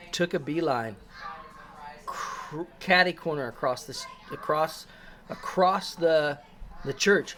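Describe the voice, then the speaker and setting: A man's voice: a little high, fairly bright tone. A man casually telling a personal church story, rambling with many fillers and restarts. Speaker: christian storyteller.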